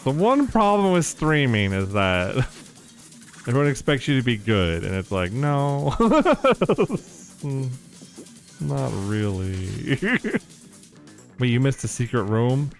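A man giving casual live commentary while streaming a game, excitable and quick to laugh, swearing often and reacting loudly to surprises. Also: mid-range voice, vocal fry, faint music behind. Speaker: streamer playing a modded platform game.

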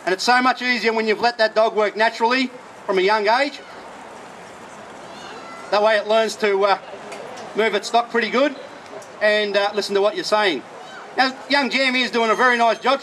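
Man, fairly high voice, plain practical explaining, outdoors with faint noise behind. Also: normal speed, pauses often, sharp tone. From Australia. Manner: explains plainly between short commands to dogs. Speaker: working dog trainer. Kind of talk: live outdoor demonstration talk. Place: outdoors at a festival display.

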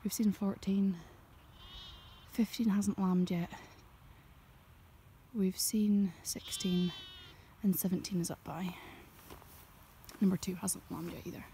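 A young woman talks in a soft-spoken ASMR half-whisper as she walks through a sheep field. Her voice is mellow and gentle, and she keeps up a chatty murmur. Faint outdoor noise sits behind her. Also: medium pitch, level tone, slow pace, pauses often. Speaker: ASMR creator and farmer.

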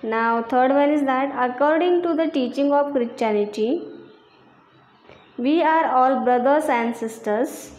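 A woman teacher goes through a lesson's answers, reading each one slowly and then repeating it. Her voice sits fairly high, and the recording has a lot of room echo. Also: darkish tone. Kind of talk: slow classroom lesson reading answers aloud. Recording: echoey room.

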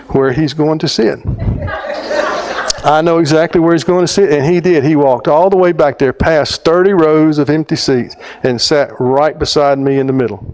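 A middle-aged man, a theologian, telling a story in a talk, halting and restarting, his voice climbing sharply when he acts out his own lines. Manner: animated storyteller, voice climbs high when quoting himself; halting phrasing, restarts mid-sentence. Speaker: theologian speaker.

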